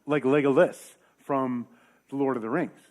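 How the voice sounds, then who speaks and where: A man's voice: mid-range voice, steady tone, moderate pace, darkish tone. A man preaching a casual sermon in a church, talking conversationally with joking asides and rhetorical questions. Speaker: pastor.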